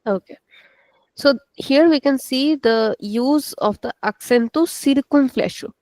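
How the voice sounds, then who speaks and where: A woman's voice: sits high, a little mellow, no room sound, poor audio. Patient woman teaching an online class. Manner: slow, patient, repeats words for students. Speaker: Portuguese language teacher. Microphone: video call.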